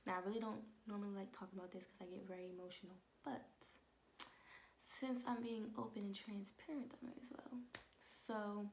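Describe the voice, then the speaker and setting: A young woman tells a heartfelt testimony at home, her voice gravelly with fry and held to a narrow, flat pitch. She talks casually and keeps slipping into hushed whispers as the emotion rises. A faint hiss of noise runs beneath her. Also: fairly quick. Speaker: vlogger.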